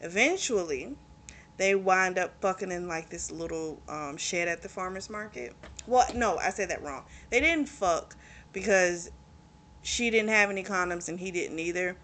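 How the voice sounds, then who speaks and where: A woman's voice: fairly low pitch, normal speed, fairly bright tone. A young woman casually retelling a book's plot, chatty and full of fillers, swearing freely. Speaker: book reviewer. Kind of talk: casual book recap.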